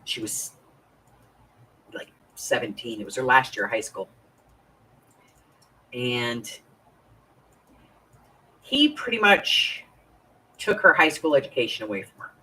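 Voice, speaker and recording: Very deep, husky, and animated, this woman's voice moves slowly with frequent pauses and a pushed, bright quality. She's in her fifties, hosting a crafting live stream where she confides in viewers, greets them by name, and chats casually while crafting, her voice a little distant from the mic.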